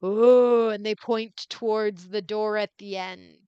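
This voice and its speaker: A woman's voice: mid-range voice, little pitch movement, unhurried, a little mellow, clean tone, no echo, lo-fi sound. A woman running a tabletop game as game master, rambling with many fillers and giggling often.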